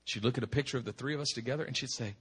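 A middle-aged male pastor preaching a sermon with impassioned emphasis, swinging from hushed tones to shouting and repeating words for effect. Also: medium pitch, racing, slightly rough. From United States.

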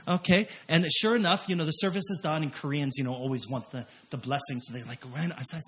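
A man, a missionary preacher, telling a testimony story in an animated way, acting out quotes with many fillers. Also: a little high, fast, hardly any pauses.

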